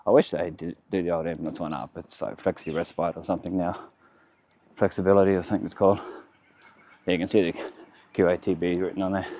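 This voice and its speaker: A deep, dark-toned Australian voice talks fast with frequent pauses and flat delivery, rambling through a casual walking tour outdoors on town streets beside a river. He chats in short fragments, correcting himself along the way, with slight background noise.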